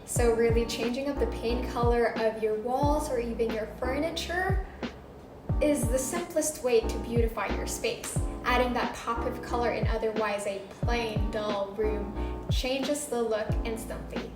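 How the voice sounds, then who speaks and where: Filipina woman chatting about home design, a bit high-pitched, echoey room, music in the background. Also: measured pace. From Philippines. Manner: enthusiastic, shows off samples with a chatty, descriptive flow. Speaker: interior designer and vlog host. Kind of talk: casual design vlog talk to camera. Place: home under renovation, indoors. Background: background music, occasional banging.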